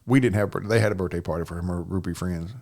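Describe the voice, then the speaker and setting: A man's voice: deep voice, steady tone, very fast, gravelly, a little mellow. An older man, a podcast guest telling a personal story in plain, rambling speech, often asking "you know what I'm saying".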